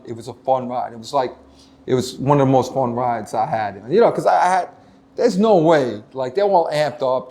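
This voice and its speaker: Animated New ex-cop telling stories. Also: male voice, fairly high pitch. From United States. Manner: animated storytelling, many restarts, acts out quoted voices. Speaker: retired police lieutenant, guest. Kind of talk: casual interview talk.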